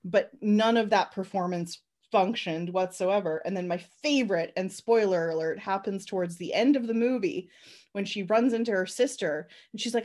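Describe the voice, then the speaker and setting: A woman co-hosting a casual film review chat, sarcastic and animated, acting out scenes in mocking voices. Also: mid-range voice, moderate pace. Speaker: podcast co-host reviewing a film.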